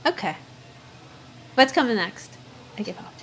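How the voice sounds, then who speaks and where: Woman, radio co-host, slightly high lively voice, playful teasing, faint hiss. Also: unhurried. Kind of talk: casual radio banter.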